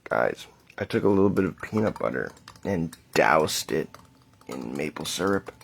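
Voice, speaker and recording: A young adult man talking to camera in a rambling, mock-theatrical vlog monologue, halting with fillers and wry asides. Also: very deep voice, big pitch swings, gravelly, slight background noise. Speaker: vlogger.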